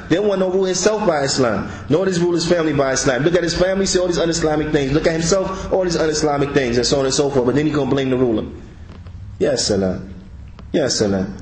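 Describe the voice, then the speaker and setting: A man gives a religious class lecture, pressing his listeners with emphatic rhetorical questions. His voice sits fairly high for a man. The sound is roomy and echoey. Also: a little mellow. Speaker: Islamic teacher. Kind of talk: religious class lecture explaining an Arabic text.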